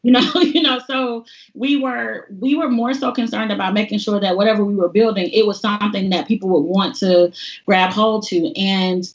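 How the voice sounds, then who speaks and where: A woman, a guest on a livestream interview, telling stories in an animated way and laughing often. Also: mid-range voice, moderate pace, muffled recording. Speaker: voting organizer guest. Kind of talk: casual interview storytelling.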